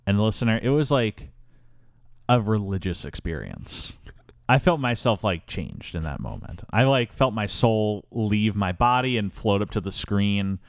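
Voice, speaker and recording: Animated man spinning a mock-epic podcast story. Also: fairly low pitch, moderate pace, dry recording, studio quality. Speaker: podcast host. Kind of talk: casual podcast chat.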